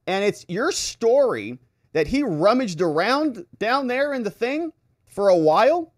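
A man's voice: mid-range voice, big pitch swings, moderate pace, darkish tone, dry recording, clean studio sound, close to an everyday voice. A man quoting a blunt male defense attorney, read in a pressing, sarcastic tone.

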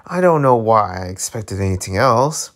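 A man reading out a comic character who calmly reaches out to an ex, in a plain, even voice. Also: on the low side, normal speed.

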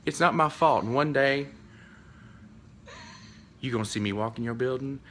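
A man, chatting in a sassy, animated vlog while walking his dog outdoors on a handheld phone. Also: medium pitch, normal speed, slight background noise. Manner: animated, sassy, playful running commentary. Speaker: vlogger. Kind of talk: casual vlog chat.

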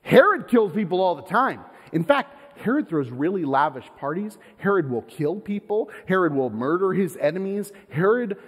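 High-pitched pastor guy preaching, super animated, lots of questions to the crowd, echoey church reverb. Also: normal speed, few pauses, husky. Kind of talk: sermon. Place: church sanctuary.

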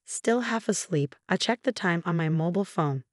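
A woman narrating a first-person story in an even, plain storytelling manner. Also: on the low side, normal speed, no room sound, studio quality.

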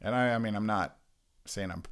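A man co-hosting a church Bible discussion, talking in an earnest, halting way with many restarts. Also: on the low side, a bit bright. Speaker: church podcast co-host. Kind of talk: casual reflective Bible discussion.

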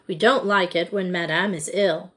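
A woman's voice: on the low side, steady tone, normal speed, a bit bright, husky. A woman voicing a polite, caring schoolgirl who speaks earnestly in an audiobook. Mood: concerned.

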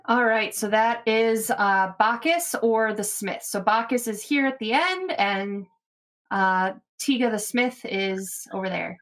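A woman runs a tabletop game, describing the scene in a loose, meandering way with lots of fillers. Her voice sits a little on the high side. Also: slow pace, fairly bright tone. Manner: loose, filler-heavy narration. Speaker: game master.

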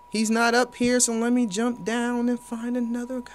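Young dude hyping up his own gameplay, kinda high voice, blurts out loud oh's, faint hum in back. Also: monotone, moderate pace, hardly any pauses. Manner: hyped, playful, talks to viewers, sudden loud exclamations. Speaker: gaming YouTuber. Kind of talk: live gameplay commentary.

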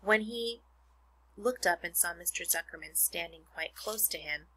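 A woman teacher reads a children's book aloud at a moderate pace for storytime, stopping now and then to explain words to her young listeners. Her low-leaning voice is bright, forceful, and slightly rough, and the audio quality is poor.

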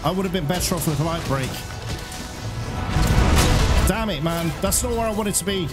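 A man on his gaming channel talks through a hunt, swearing and groaning whenever things go badly. His voice sits a little high and swings widely in pitch. Loud game music plays behind him throughout. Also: animated, normal speed. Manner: frustrated swearing, frequent exclamations. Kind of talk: live gameplay commentary.

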